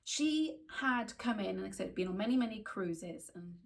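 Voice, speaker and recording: A woman from Wales, a skin therapist telling candid stories in a podcast chat, animated and full of restarts. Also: medium pitch, normal speed, gravelly. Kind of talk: casual storytelling in a podcast chat.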